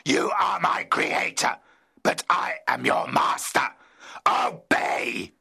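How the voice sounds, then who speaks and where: A man voicing a vengeful, lonely male monster in a storybook reading, speaking slowly and menacingly in a half-whispered voice. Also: a little high, expressive, pushed and bright, voice pushed up, full character voice. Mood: commanding. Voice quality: gravelly, raspy, half-whispered. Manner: slow, menacing, commanding.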